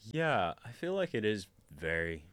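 A man's voice: on the low side, very animated, measured pace, a bit bright, no room sound. A young man co-hosting a radio show, talking about a film in a hesitant, rambling way. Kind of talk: casual film discussion on radio.

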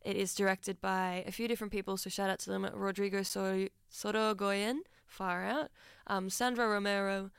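Earnest woman with a gravelly edge. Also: mid-range voice, level tone, moderate pace, no room sound, studio quality. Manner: earnest, reflective, heartfelt. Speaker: radio presenter. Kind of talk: radio film-review chat.

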